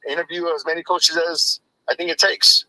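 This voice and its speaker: A man calling in to a live fan show, rambling quickly with many fillers. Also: a little high, level tone, bright, forceful tone, no room sound, poor audio. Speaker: call-in guest. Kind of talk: casual live chat. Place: at work.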